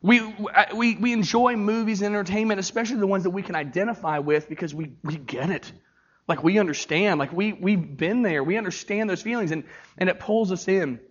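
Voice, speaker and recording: A man's voice: high-pitched, a little fast, lo-fi sound. A middle-aged male pastor preaching a sermon, joking with the congregation and then turning earnest and emotional. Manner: animated, jokey, crowd-engaging.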